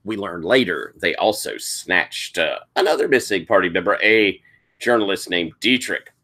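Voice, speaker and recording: A man running a tabletop game, recapping the session as an animated storyteller who acts out quotes and sound effects. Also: low-pitched, normal speed. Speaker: game master.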